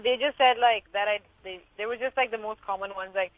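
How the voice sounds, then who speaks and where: A young woman, a reality show contestant, chatting in a radio interview in a bubbly, quick way, laughing often and saying "like" and "man" a lot. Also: mid-range voice, dull audio. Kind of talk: casual interview chat.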